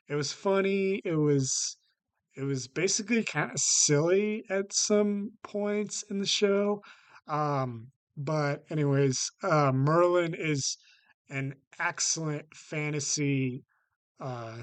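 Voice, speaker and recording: A man hosting his own vlog, talking unscripted and haltingly about his favourite TV shows, with lots of restarts and a habit of saying "basically". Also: a little high, dry recording. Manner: halting, many fillers and restarts, repeats "basically". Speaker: vlog host ranking TV shows. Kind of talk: casual unscripted talk to camera.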